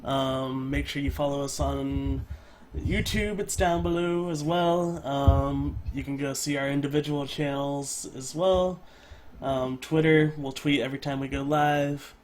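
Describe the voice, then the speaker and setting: A man's voice: a little high, a little slow, a little mellow, a little hiss or hum. A man co-hosting a gaming podcast, closing the show in a loose, hesitant way with many fillers. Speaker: podcast co-host. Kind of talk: casual podcast sign-off.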